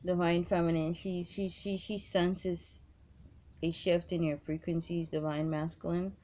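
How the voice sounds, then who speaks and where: A woman's voice: lowish voice, level tone, unhurried, warm tone, a little hiss or hum. A woman doing a tarot reading straight to the viewer, blunt and emphatic, swearing freely and repeating her points. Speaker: tarot card reader.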